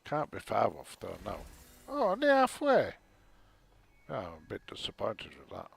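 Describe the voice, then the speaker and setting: Man, gaming streamer, casual chatter, mutters to himself, gravelly, lively pitch. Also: moderate pace. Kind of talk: casual gameplay commentary.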